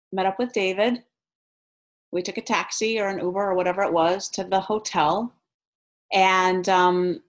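A woman vlogger telling travel stories in a chatty, animated way, laughing as she goes. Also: mid-range voice. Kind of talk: casual storytelling vlog.

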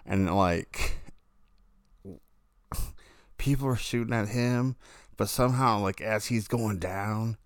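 A man's voice: fairly low pitch, slow, long pauses, dry recording, clean studio sound. A man casually telling a long, rambling story about his dreams, often correcting himself mid-sentence.

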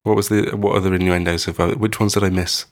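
A man co-hosting a podcast in casual chat, talking slowly and hesitantly while holding back a tickly cough, with dry quips. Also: low-pitched, little pitch movement. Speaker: podcast co-host.

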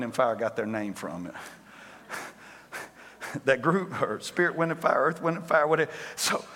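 A man preaching with a high, bright voice, telling the story with lots of energy and frequent laughter. His words ring out with a long reverb, as in a large hall. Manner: animated, laughing, acts out characters. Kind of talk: sermon.

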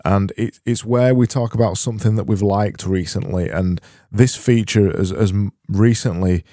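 A man hosting a solo comedy podcast, rambling deadpan and often stopping to correct himself. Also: fairly low pitch, moderate pace, dry recording, studio quality. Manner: rambling, self-interrupting, deadpan. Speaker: podcast host.

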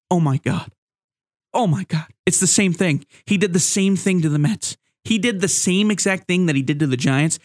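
Joking higher-voiced sports podcast man. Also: no echo, studio quality. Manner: joking, playful asides; rambling with many fillers and restarts. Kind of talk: solo sports commentary podcast.

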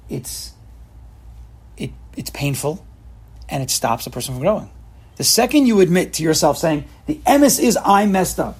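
A man's voice: a little high, darkish tone, breathy edge. A man giving an emphatic, repetitive Torah lecture, mixing in Hebrew and Yiddish terms. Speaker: Torah teacher.

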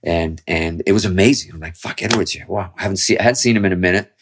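Fast-talking low-voiced man telling stories. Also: slight background noise. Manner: rambling, profane, with frequent restarts. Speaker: guest musician. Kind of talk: casual storytelling interview.

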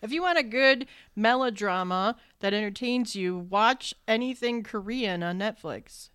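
Woman, casual movie chat, blunt dismissive manner, mid pitch, dry room. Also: unhurried, a bit bright, clean tone, no echo. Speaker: podcast co-host.

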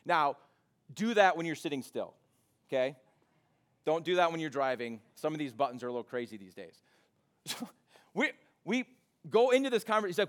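Animated preaching man, raised voice. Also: on the high side, a little fast, pauses often. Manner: conversational storytelling preacher, animated retellings. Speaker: pastor. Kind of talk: sermon. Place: church sanctuary.

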